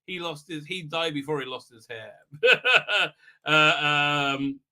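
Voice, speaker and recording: A man's voice: fairly high pitch, lively intonation, slow pace, pushed and bright. A man casually recapping a TV episode on a live stream, mocking it and acting out lines in silly voices, with lots of "uh"s and restarts. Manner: mocking, acts out quotes in funny voices, many fillers and restarts.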